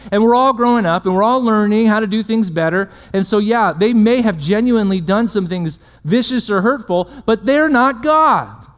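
A high-pitched male preacher delivers a sermon. He strings rhetorical questions together and keeps checking that his listeners follow. His voice rings out with long reverb, as in a large hall.

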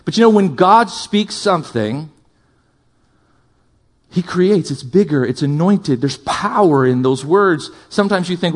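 A man's voice: expressive, measured pace. Impassioned male pastor preaching a sermon. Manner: impassioned, swings from loud emphatic build-ups to low asides; jokes with the congregation.

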